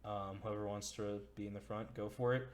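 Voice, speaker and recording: A man's voice: lowish voice, flat delivery, brisk. A man narrating as game master in an easygoing, chatty way. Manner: easygoing, chatty, lots of fillers.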